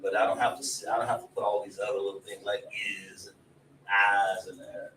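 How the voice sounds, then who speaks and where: Animated man teaching a class. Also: on the low side, fairly quick. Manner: animated, laughing, call and response with students. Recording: echoey room, voice from a distance, faint noise.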